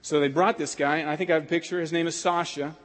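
A male pastor tells stories from the pulpit with lots of animation, acting out each character's lines. His voice sits fairly high for a man. The sound carries a long reverb from a large hall. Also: fast talker. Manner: animated, acts out voices and laughs while telling stories. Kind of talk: sermon storytelling.

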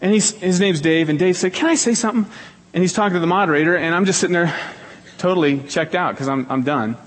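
A middle-aged male pastor preaching a sermon, telling stories earnestly, repeating key phrases for emphasis. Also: quick pace. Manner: acts out quoted people in a higher voice. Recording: long hall reverb.

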